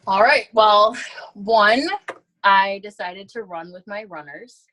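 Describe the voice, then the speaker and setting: A woman's voice: mid-range voice, slow pace, sharp tone, rough recording. A woman sharing her experience on a video call in a chatty, upbeat way, with many ums. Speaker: guest team leader.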